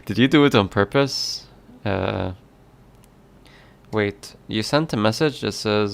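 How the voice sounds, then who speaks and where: A man's voice: on the low side, animated, very slow, vocal fry, long pauses. A man chatting casually on a live stream as a game developer, playfully reading chat aloud and answering with frequent laughs.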